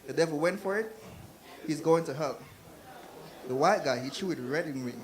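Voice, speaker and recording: A man's voice: a little high, moderate pace. Jamaican man doing stand-up. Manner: puts on voices for characters in his jokes. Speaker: stand-up comedian. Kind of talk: stand-up comedy set. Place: comedy club stage.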